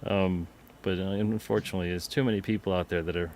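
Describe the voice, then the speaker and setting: A man co-hosting a casual livestream about comic publishing, chatty and getting animated when he vents. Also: sits low, fast talker. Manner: chatty, gets animated and amused when venting.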